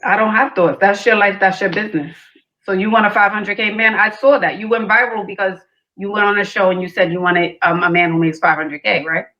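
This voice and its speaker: A woman hosts a dating show, asking pointed questions in a calm, level way and pressing for logic. Her voice is bright and a little tense, heard through dull, lo-fi stream audio. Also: mid-range voice, brisk. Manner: calm, probing, pushes for logic. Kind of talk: questioning a caller on a live show.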